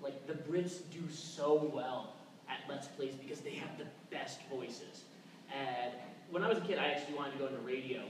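A man's voice: medium pitch, brisk. A young man from Tennessee giving a casual convention talk, loose and chatty with lots of filler sounds and restarts. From Tennessee, USA. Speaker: convention panel speaker. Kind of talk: casual presentation. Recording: echoey room recorded from far off, background noise.

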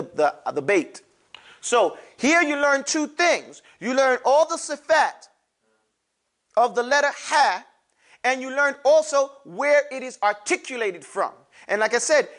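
A man's voice: extremely high pitch, a bit bright. A man teaching a classroom lesson on pronouncing letters for Quran recitation, animatedly drilling his class to repeat sounds aloud.

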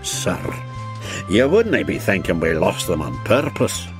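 A man's voice: sits low, big pitch swings, measured pace, over music. A man voicing twin male engines in a storybook, speaking in a Scottish accent with an innocent, evasive manner.

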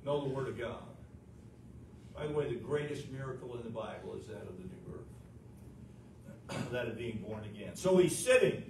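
A man's voice: mid-range voice, animated, moderate pace, pauses often. A man pastor preaching a sermon, emphatic, asking the congregation questions. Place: church sanctuary. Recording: echoey room, distant mic, noisy.

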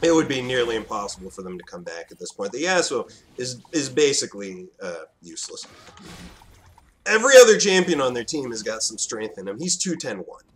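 A man casually commentating his own online match, excitable, swinging between low muttering and sudden shouts. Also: brisk.

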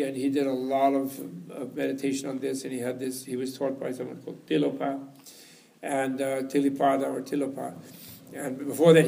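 A man's voice: mid-range voice, vocal fry, a little mellow. A man giving an informal teaching talk at a retreat, rambling and chuckling as he tells stories. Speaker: lecturer. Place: retreat hall.

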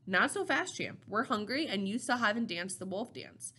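A woman's voice: medium pitch, sing-song, normal speed, bright, forceful tone, slightly rough, heavily acted. A woman reading the lines of a stern, blunt adult man mentoring a boy. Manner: hard, absolute.

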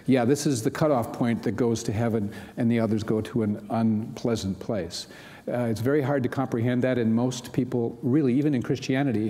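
A male pastor gives a conversational sermon in a reverberant hall, sprinkling in many "you know" asides. His voice is mellow and mid-range.

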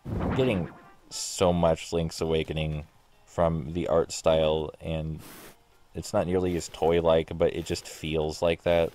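A man with a very deep voice rambles through a casual let's play commentary. He talks in a sarcastic, offhand way and swears freely, with faint music under him. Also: little pitch movement, measured pace, a little mellow. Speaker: gaming streamer.

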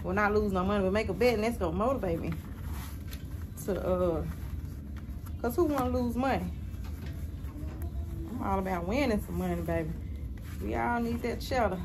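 A woman's voice: medium pitch, normal speed, long pauses, background noise. A woman chatting casually to her viewers in a home vlog, reviewing a product and calling her audience "y'all". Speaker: vlogger. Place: at home indoors.

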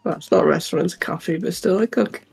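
A woman's voice: fairly low pitch, a little fast, gravelly, breathy edge, faint music behind. A laid-back British woman, a guest player, chatting casually over voice chat while gaming. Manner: laid-back, drawling, laughs softly.

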